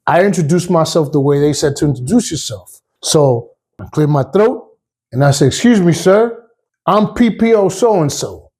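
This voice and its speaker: A man's voice: a little high, lively intonation, moderate pace, darkish tone, slightly rough. A man, a retired police officer telling stories in a casual, streetwise way and acting out the voices. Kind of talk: personal storytelling.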